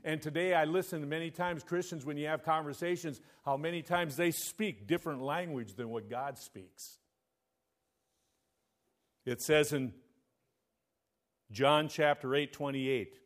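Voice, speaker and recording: A man's voice: on the high side, measured pace. A male pastor preaching a sermon, telling a story and often asking the congregation for an "Amen?".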